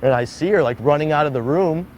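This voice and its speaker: A man's voice: on the high side, fast talker, darkish tone, dull audio, slight background noise. A young man telling a personal story in an interview, peppering it with "like". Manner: heavy use of "like", acts out quoted voices. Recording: interview clip with music underneath.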